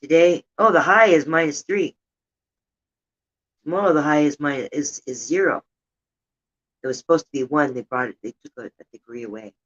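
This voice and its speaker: A woman's voice: deep voice, normal speed, long pauses. Chatty older woman, dull lo-fi audio. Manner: chatty, rambling, indignant about politics. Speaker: livestream host. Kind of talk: casual chat with viewers. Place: home room with a heater running.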